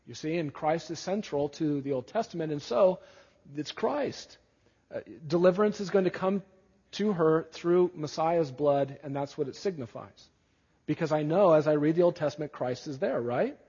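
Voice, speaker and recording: A man's voice: fairly high pitch, lively intonation, moderate pace, warm tone, slightly rough. A pastor preaching a sermon in an earnest, emphatic way and often putting questions to his listeners. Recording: dull lo-fi audio with long hall reverb.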